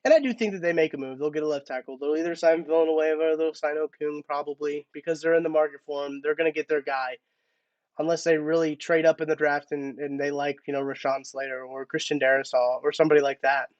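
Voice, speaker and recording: A man's voice: on the high side, fairly even intonation, fast, dry recording, highs cut off. A man hosting a casual live-stream sports talk, chatty and thinking aloud with restarts. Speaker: podcast host.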